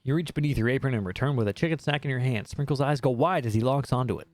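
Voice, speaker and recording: A man's voice: medium pitch, quick pace, darkish tone, no echo, faint music behind. A young man streaming a game, reading it aloud with jokey, sweary asides.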